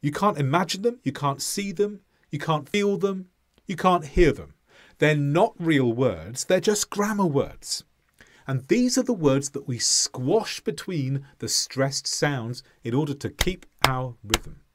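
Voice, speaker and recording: A man delivers a scripted English lesson at an unhurried pace. His slightly high voice swings widely in pitch as he stresses each key word deliberately. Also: sing-song. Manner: slow, deliberate, clearly stressed delivery with modelled example sentences. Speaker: English teacher.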